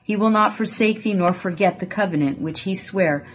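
A woman reading a listener's letter aloud on a religious program, in a steady, even way. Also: medium pitch, moderate pace, husky. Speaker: letter reader.

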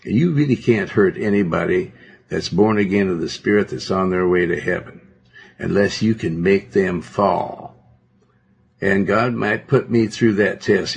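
A man's voice: low-pitched, gravelly, slightly rough. A male pastor preaching a sermon in a domineering, rambling way, full of fillers. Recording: dull lo-fi recording.

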